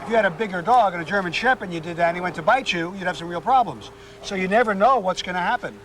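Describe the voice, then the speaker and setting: High-voiced man dog trainer, explains steps conversationally, outdoor street noise behind. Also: animated, racing, fairly bright tone. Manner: chatty, explanatory, goes high and sing-song coaxing the dog. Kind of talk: on-location dog training demo.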